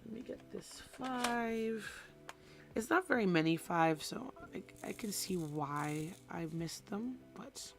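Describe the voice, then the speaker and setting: A young woman talks through a craft session at an unhurried pace, drifting between hobby chatter and animated stories about teaching small children. She puts on playful voices when she retells what someone said. Soft music plays quietly behind her. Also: medium pitch, vocal fry. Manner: animated storytelling, mimics voices, chatty asides. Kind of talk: casual chat while crafting.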